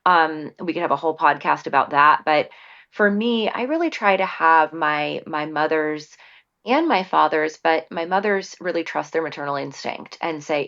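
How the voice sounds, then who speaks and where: A woman pediatrician in her forties explains things to parents in an earnest, conversational way, often pausing on fillers. Her voice sits a little low. The recording sounds dull and muffled. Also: animated, fairly bright tone. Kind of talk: conversational medical advice.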